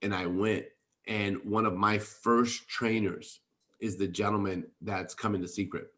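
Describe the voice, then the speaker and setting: A man with a somewhat low voice talks on a video call as a team leader. He speaks with excitement and emphasis and tells stories to fire up his team. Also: unhurried. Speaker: network marketing team leader. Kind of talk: enthusiastic motivational talk on a video call.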